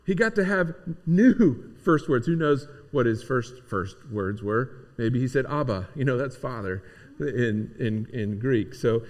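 A man's voice: medium pitch, animated, unhurried. A man preaching a conversational sermon, talking informally to his congregation with frequent restarts. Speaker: pastor. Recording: long hall reverb.

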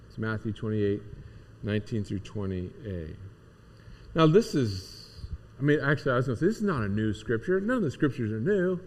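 A man's voice: medium pitch, animated, normal speed. A middle-aged man preaching a casual, conversational sermon as pastor, teaching more than preaching and repeating key words for emphasis. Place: church sanctuary. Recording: long reverb of a church hall.

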